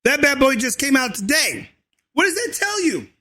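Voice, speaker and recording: A man vlogging a fiery, crude political rant, often shouting and tacking "and so forth" onto his lines. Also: very high-pitched, very animated, normal speed. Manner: crude slang and cursing. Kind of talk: ranting political commentary.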